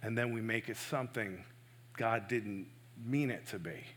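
A man preaching a sermon in an earnest, emphatic way. He swings between loud stresses and soft, hushed asides. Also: lowish voice, moderate pace. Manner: self-correcting, personal and earnest.

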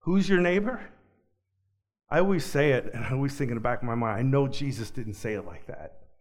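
A man preaching a sermon, swinging from loud emphatic peaks to soft, low asides, with a chuckle now and then. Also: expressive, fairly quick.

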